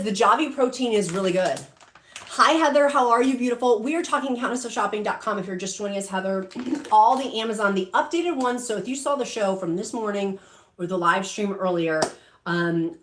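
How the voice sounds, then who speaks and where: A woman's voice: medium pitch, a little hiss or hum. A middle-aged woman hosting a shopping livestream, chatting casually and emotionally as she reads out viewer comments, with many fillers. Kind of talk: casual live-stream chat reading comments.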